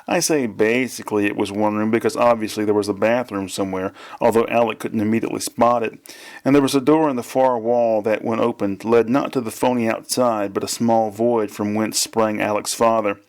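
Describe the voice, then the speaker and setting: A man, the author, reading his novel aloud in a plain, measured way. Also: on the low side, steady tone, darkish tone.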